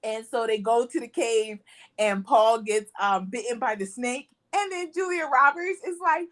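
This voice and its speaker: Lively chatty woman retelling movie scenes. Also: sits high, a little slow. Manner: animated storyteller, acts out quotes, laughs often. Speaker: podcast co-host. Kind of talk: casual movie review chat.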